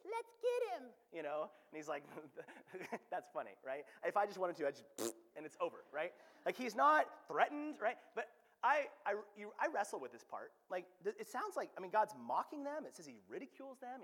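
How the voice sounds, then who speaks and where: A young adult man preaching a sermon to his church, conversational and animated, often asking "right?". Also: a little high. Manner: animated, conversational, frequent restarts and "right?" asides. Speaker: pastor. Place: church sanctuary. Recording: long hall reverb.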